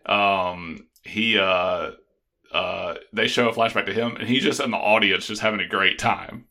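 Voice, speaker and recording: A man co-hosting a casual podcast, relaxed and chuckling, trailing off with fillers now and then. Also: on the low side, measured pace. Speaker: podcast co-host. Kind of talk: casual chat.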